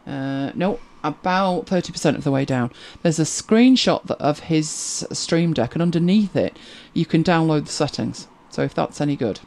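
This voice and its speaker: A woman from Britain chatting casually on a live stream, her pitch swinging up and down as she reads out comments. She rambles, hums to herself while scrolling and chuckles easily. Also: animated, normal speed, hardly any pauses, a little mellow.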